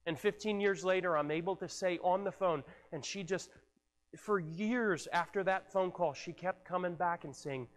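Male pastor, high voice, earnest sermon delivery with repeated words, church hall with long reverb. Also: normal speed. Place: church sanctuary.

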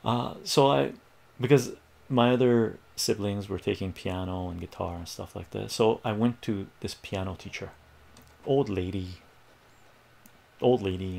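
A man's voice: low voice, vocal fry. A middle-aged man, a streaming math tutor, telling a story in casual, rambling livestream chat with frequent laughs. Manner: rambling, animated, laughs often, acts out quoted voices.

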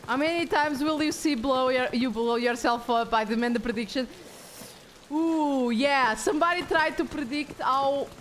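A woman live-streaming a horror game, with excitable, jokey commentary and plenty of swearing. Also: high-pitched, normal speed, a little hiss or hum.

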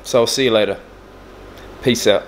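A man's voice: on the low side, fairly even intonation, moderate pace, slight background noise. A man of thirty talking bluntly and candidly in a casual video diary, swearing freely. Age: 30s. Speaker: vlogger. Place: indoors in a furnished flat.

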